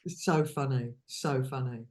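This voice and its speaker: A woman's voice: very deep voice, measured pace, a little mellow. A woman chatting as a podcast guest, effusive and giggly, laughing between phrases and trailing off into restarts. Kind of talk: casual chat.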